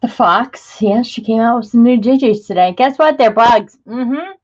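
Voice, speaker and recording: A woman's voice: on the high side, normal speed, a little mellow, highs cut off. A woman hosting a crafting livestream, chatting casually and gushing as she greets viewers by name and shows craft supplies. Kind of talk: casual live chat while showing craft supplies.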